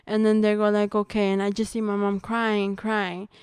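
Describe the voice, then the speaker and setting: A young woman, a podcast guest, telling a personal testimony in casual conversation, earnest and halting with restarts. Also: medium pitch, monotone, darkish tone, clean tone, no echo, studio quality.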